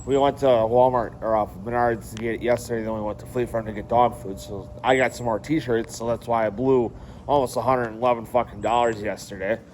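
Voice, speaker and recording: A young man rambles through a casual vlog. He leans on fillers and drops swear words freely. His pitch sits in the middle, and faint background noise runs beneath him. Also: fairly even intonation, fairly quick, darkish tone. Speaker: vlogger.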